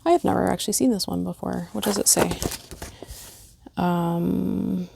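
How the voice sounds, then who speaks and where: Gravelly chatty woman crafter. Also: on the low side, steady tone, normal speed, pauses often, dark tone. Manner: chatty, gushing, many fillers. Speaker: cross-stitch vlogger. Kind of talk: casual show-and-tell chat. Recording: noticeable background noise.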